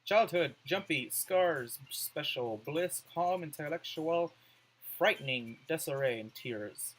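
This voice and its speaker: A man talking through a game as a let's play, reading words off the screen and musing over which to pick. His pitch jumps around a lot, and his tone is bright and forward. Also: expressive, takes it slowly, poor audio. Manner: reads on-screen words aloud, muses over choices.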